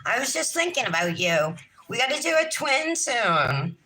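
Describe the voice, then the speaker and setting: A woman's voice: fairly high pitch, big pitch swings, measured pace, sharp tone, poor audio. A woman in her thirties hosting a casual nail livestream, chatting in a sing-song way with her viewers. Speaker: nail vlog host. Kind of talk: casual livestream chat while doing nails.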